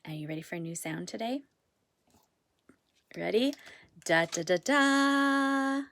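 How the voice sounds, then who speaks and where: A woman teaching a phonics lesson to young children, slow and sing-song, drawing out each word to encourage them. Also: on the low side, expressive, creaky. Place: classroom or home with whiteboard.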